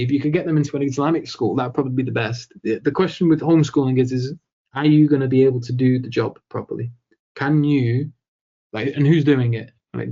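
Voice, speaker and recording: A man fields questions from a live audience, reasoning out loud with frequent fillers and false starts. His voice is warm and mellow, sitting at an ordinary middle pitch. The sound is slightly dull, like a modest streaming mic. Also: vocal fry. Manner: thinking aloud, many fillers and restarts; acts out quoted dialogue. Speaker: host answering audience questions. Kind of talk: live Q&A talk.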